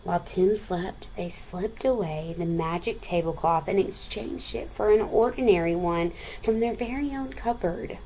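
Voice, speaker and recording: A woman's voice: on the low side, moderate pace, hardly any pauses, dark tone, a little hiss or hum, low-quality recording. Woman teacher reading a story aloud. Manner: chatty, asks the listeners questions.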